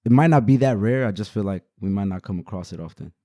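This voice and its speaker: Fast-talking low-voiced man, blunt and profane. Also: mellow, dry recording, clean studio sound. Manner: quick, blunt, profane quips. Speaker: podcast co-host. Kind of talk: casual chat.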